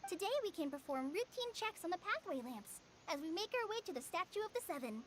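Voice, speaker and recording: A woman's voice: extremely high pitch, sing-song, fast, noisy background. A woman voicing an earnest young female forest ranger apprentice in a video game, eager to help.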